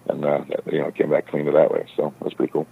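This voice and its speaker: A man's voice: rumbling low, flat delivery, rapid-fire, gravelly, slightly rough, narrow, tinny audio. A man talking as a guest in casual chat, laid-back and hedging with "kinda".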